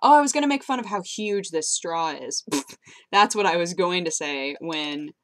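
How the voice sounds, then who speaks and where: A woman's voice: on the low side, lively intonation, normal speed, fairly bright tone. A young woman vlogging casually into her webcam, telling rambling stories with frequent giggles. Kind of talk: casual chatty vlog.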